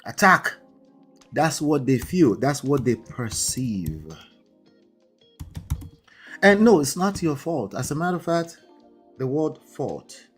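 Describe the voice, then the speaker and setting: A man's voice: medium pitch, very animated, takes it slowly, pauses often, darkish tone, soft background music. A man with an accent, hosting a live marriage-coaching stream in a conversational way, often checking in with "right?" and "okay?". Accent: non-native English accent. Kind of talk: livestream talk.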